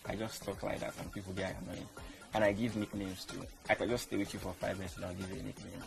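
Gravelly, blunt man. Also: sits low, level tone, fast talker. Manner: blunt, forthright. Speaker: reality show contestant. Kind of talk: audition video self-introduction.

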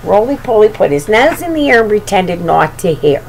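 A woman reading a children's picture book aloud, with expressive narration and chatty asides to the listener. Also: medium pitch, normal speed, a little hiss or hum, rough recording. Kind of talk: storybook read-aloud.

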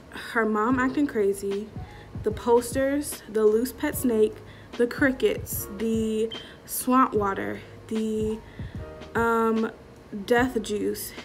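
A young woman talks slowly in a fairly high voice, loose and tipsy as she rambles through a storytime vlog. She swears freely and fills her pauses with filler words. Faint music plays underneath. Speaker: vlogger. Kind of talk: casual storytime.

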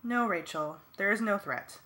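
Woman doing a calm ancient alien being, formal, reassuring, bright clear tone. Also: mid-range voice, moderate pace, lightly acted. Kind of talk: fan audiobook reading.

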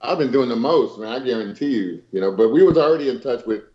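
50s guy telling a story, animated, slangy, laughing a lot, normal pitch, kinda muffled audio. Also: quick pace. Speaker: guest. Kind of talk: casual storytelling chat.

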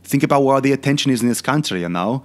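A man's voice: mid-range voice, expressive, fast talker, lightly acted. A man playing a boastful, crude older Austrian bodybuilder turned film star in a comedic rant, with a heavy put-on Austrian accent. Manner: crude, ranting, boastful, repetitive filler questions. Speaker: fitness channel host.

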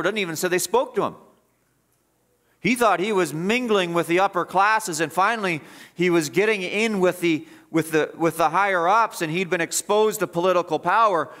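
A man preaching a sermon as pastor, emphatic and repetitive, building up and then dropping low. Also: a bit bright. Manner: emphatic, repetitive preaching with rising and falling intensity. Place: church.

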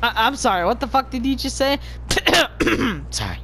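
A woman improvising profane character banter while playing a game, brash and prone to sudden shouts. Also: high-pitched, very animated, measured pace, slight background noise. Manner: brash, swearing, bursts into shouts. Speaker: gamer voicing characters over party chat. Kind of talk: improvised profane role-play while gaming.

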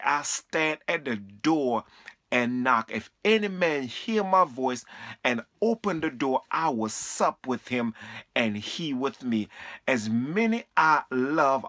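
A man's voice: mid-range voice, bright, forceful tone, dry recording, studio quality. A man preaching fervently to a camera, repeating himself and quoting scripture. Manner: fervent, repetitive, quotes scripture. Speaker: street preacher.

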